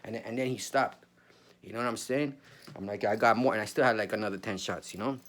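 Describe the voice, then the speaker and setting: A man's voice: on the low side, fast, fairly bright tone. A man, telling a story casually, full of slang and swearing. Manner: slangy, swears a lot, says bro often.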